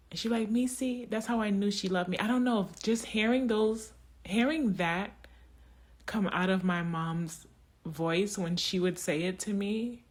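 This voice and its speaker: A woman speaking in an emotional, halting personal monologue, tearing up and restarting her sentences often. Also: on the low side, darkish tone. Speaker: spiritual vlogger.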